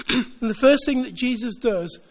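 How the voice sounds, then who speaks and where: A man delivering a sermon in an earnest, building rhythm, stacking repeated phrases. His voice sits high for a man. It rings out with a long reverb through a church hall. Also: measured pace. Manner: earnest, repetitive rhetorical build-ups. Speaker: preacher.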